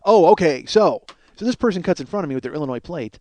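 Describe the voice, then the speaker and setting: A middle-aged man hosts a comedy podcast, spinning rambling, profane, self-mocking stories and acting out the other voices. His voice sits a little higher than most men's. The sound is dry and close, with no room echo. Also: expressive, fast, darkish tone. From Chicago area. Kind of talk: comic storytelling monologue.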